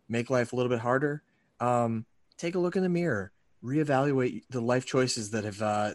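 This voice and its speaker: A man's voice: medium pitch, no echo. A man hosting a podcast, talking in a rambling, sarcastic way with lots of restarts and fillers. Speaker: podcast host. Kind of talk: casual podcast banter. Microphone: studio microphone.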